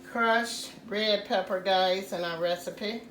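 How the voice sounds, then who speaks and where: A woman hosting a casual home cooking tutorial, talking slowly and repeating "guys" to her viewers. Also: mid-range voice, a bit bright, roomy sound, slight background noise. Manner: slow, repetitive, says "guys" often. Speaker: cooking channel host.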